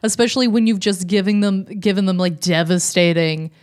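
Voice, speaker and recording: A woman chatting on a laid-back film podcast. She talks with lively emphasis and drops the odd swear word. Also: mid-range voice, fairly quick. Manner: animated, swears freely, laughs often. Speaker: podcast co-host. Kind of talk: casual movie discussion podcast.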